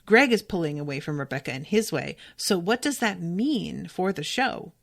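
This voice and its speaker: A woman's voice: lowish voice, moderate pace, gravelly. A woman hosting a podcast, recapping a TV episode in a casual, emphatic way, swearing freely and talking straight to her listeners. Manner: animated, emphatic, talks to listeners directly. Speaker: podcast host.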